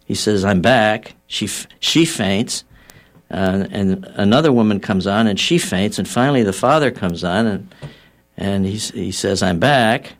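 A man with a very low voice explains a healing theory in a measured way. He tells stories, acts out the quotes and pauses often on fillers. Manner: storytelling with acted-out quotes and frequent fillers. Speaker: guest healer.

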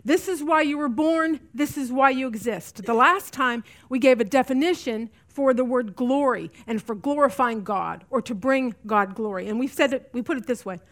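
Middle-aged woman teacher, slightly high voice, earnest, repeats key lines for emphasis. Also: normal speed, few pauses, a bit bright. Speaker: women's Bible study teacher. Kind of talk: teaching talk to a women's group.

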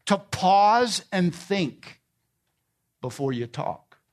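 A middle-aged man preaching a sermon, emphatic and repeating key phrases. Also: sits high. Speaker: pastor.

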